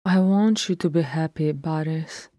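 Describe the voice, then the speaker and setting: A woman reader voicing a brash, loud younger sister who teases gleefully, in a fan-read audiobook. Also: mid-range voice, lively intonation, takes it slowly, dry recording, voice pushed up. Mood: earnest.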